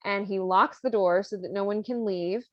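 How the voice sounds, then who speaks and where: Casual podcast host, woman, swears freely, mid pitch, dull dry recording. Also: moderate pace, no echo. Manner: loose and profane, peppered with "like". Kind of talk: casual chat retelling an opera plot.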